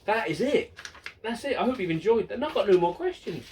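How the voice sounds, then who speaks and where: Bloke, 50s, channel host doing a loose viewer Q and A, self-mocking and full of ums, mic a bit distant with faint noise behind. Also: male voice, sits high, expressive, brisk, darkish tone. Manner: jokey and self-mocking, many ums and restarts. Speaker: model railway channel host. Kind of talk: casual Q and A, reading out viewer questions.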